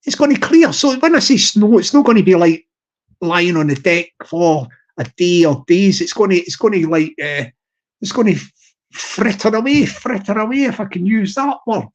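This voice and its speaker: A man's voice: high-pitched, expressive, moderate pace, muffled recording. A man hosting a live stream, rambling in casual chat, repeating himself with an upbeat, ship-captain pep talk.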